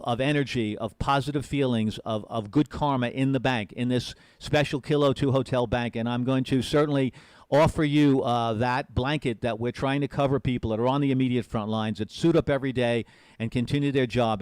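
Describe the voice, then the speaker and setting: A man's voice: mid-range voice, a little mellow, clear, resonant tone, no echo. A man hosting a live-streamed amateur radio event from his desk mic, talking in an earnest, rambling way with many repeated words. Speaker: amateur radio special event station host. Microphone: desk mic with push to talk.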